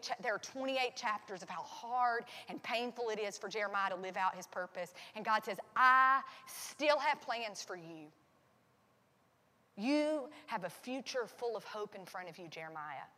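Woman preacher, slightly high voice, earnest sermon delivery that swings intense to hushed, long church reverb. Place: church sanctuary.

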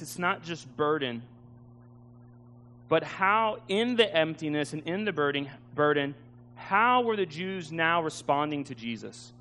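A man preaches a sermon in a high, light voice. He tells a story with feeling and laughs at himself. A faint hum sits under the recording. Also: fairly bright tone. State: tearful at times.

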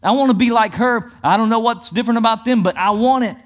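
An eager, yearning seeker man, voiced by a preacher who speaks higher and louder than the sermon around him. He pleads insistently. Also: fast talker.

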